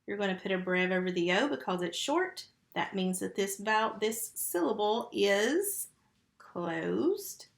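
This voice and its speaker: A woman's voice: medium pitch, vocal fry, a bit bright. A woman teaching a first grade phonics lesson from home, patiently sounding out letters and syllables one by one into a computer mic. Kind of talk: recorded phonics lesson for young children. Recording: echoey room.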